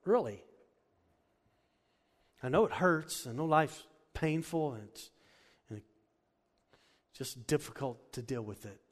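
Brief: male pastor, mid-pitched, earnest and emphatic, long church-hall reverb. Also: expressive, takes it slowly, pauses often. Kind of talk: sermon. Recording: echoey hall.

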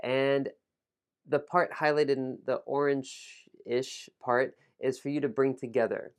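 A man leads a pronunciation lesson at a middle pitch. He models words slowly and deliberately, then drops into relaxed, casual explanations between the drills. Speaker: English pronunciation teacher.

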